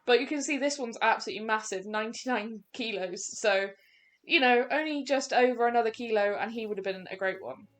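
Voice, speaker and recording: A young woman hosting her gaming channel, giving chatty, excitable commentary over gameplay, full of fillers and restarts. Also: fairly high pitch, a little fast.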